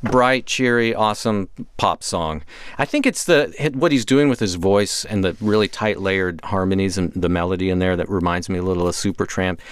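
A man with a smooth, slightly low voice chats about new albums on a radio show. He talks eagerly, his pitch jumping up when he stresses a point. His voice sits close and dry. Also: normal speed, dry recording. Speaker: music contributor. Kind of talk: casual music chat on radio.

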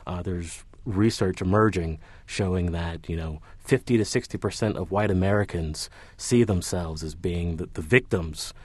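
Deep-voiced professor, measured and analytical. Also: male voice, slightly rough, no room sound. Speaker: professor, panel guest. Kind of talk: academic commentary.

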